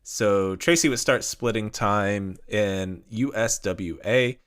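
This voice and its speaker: A man co-hosting a podcast, recapping a wrestler's career in a steady way with small asides. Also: on the low side, slow pace, smooth. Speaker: podcast co-host. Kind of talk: reading a career history.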